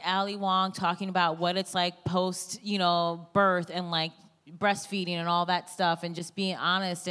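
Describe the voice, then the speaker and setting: A woman comedian talking candidly onstage, blunt and profane, with animated joking. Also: lowish voice, clear, resonant tone. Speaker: comedian guest. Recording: long hall reverb.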